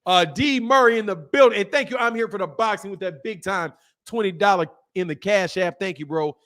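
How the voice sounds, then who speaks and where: The boxing channel host speaks in a high, fairly bright voice at a slightly fast clip. His livestream talk is loose and chatty as he reads super chats, with frequent laughter and impressions of others.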